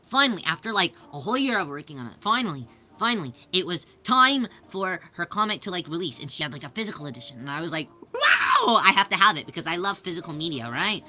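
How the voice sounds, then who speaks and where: A woman live streaming while she sews, chatting casually with her viewers in a playful, excitable way. She repeats phrases in quick bursts and rambles with lots of restarts. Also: on the low side, slight background noise. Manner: rambling, with frequent restarts and fillers.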